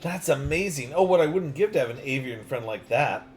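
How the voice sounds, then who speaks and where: A man's voice: mid-range voice, lively intonation, a little fast, faint music behind, natural voice. Annabelle, prim bird-loving lady as a man puts her on. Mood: gushing. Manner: prim, gushing. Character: polite, bird-loving middle-aged lady.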